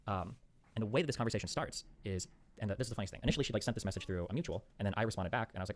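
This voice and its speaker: Guy rattling off a story super fast, low-ish voice, lots of ups and downs. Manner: rapid rambling retelling, acting out both sides, full of "like" and "um". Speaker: streamer recounting an argument. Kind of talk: casual monologue.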